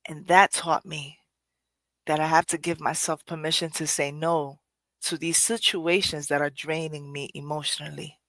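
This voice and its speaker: Speaking in a flat, low-pitched voice at normal speed, a middle-aged woman hosts a podcast and reflects earnestly and candidly on personal matters, now and then laughing at herself. Her tone is fairly bright and the recording is dry.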